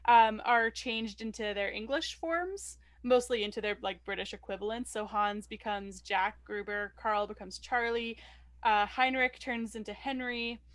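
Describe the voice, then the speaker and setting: A young woman with a fairly high voice co-hosts a casual podcast about a film. She reads out trivia with plenty of ums and makes wry asides. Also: fairly bright tone. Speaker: podcast co-host.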